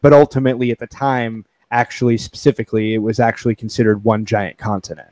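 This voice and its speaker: A man's voice: lowish voice, level tone, darkish tone, dry recording. Hesitant man in a dry recording. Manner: hesitant, halting restarts. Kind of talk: casual group chat.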